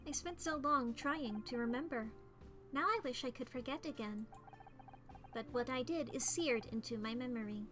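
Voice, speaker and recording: A woman voicing a troubled, remorseful young male robot in a video game, speaking softly and hushed. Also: sits high, normal speed, music in the background, natural voice.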